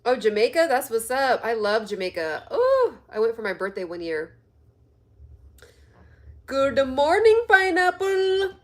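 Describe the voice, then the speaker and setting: A woman's voice: fairly high pitch, very animated, normal speed, few pauses. A woman hosting a live stream on health and fitness, chatting casually and reading viewer comments aloud. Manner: chatty, laughs often, reads comments aloud.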